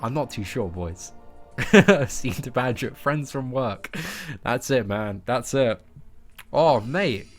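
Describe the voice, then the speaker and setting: A man's voice: medium pitch, animated, takes it slowly, soft background music. Jokey English man streaming games. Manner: jokey, chatty, calls listeners mate and boys. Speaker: gaming streamer. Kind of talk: casual live-stream chat while gaming.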